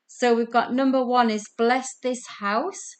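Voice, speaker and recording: A woman's voice: on the high side, steady tone, measured pace. Chatty woman quiz host. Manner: chatty, giggly, self-deprecating. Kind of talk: casual online quiz hosting. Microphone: video call.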